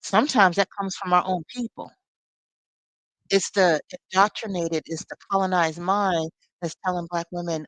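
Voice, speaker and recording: A woman's voice: lowish voice, fairly even intonation, moderate pace, fairly bright tone, dry recording, rough recording. A woman leading a live spiritual teaching, talking expressively with sassy, conversational asides.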